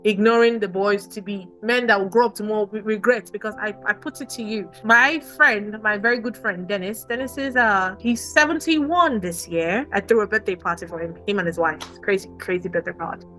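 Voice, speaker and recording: Podcast guest: Nigerian-accented woman, bright voice, animated and emphatic delivery, faint music underneath. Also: medium pitch, fairly quick, hardly any pauses, low-quality recording. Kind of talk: candid personal storytelling.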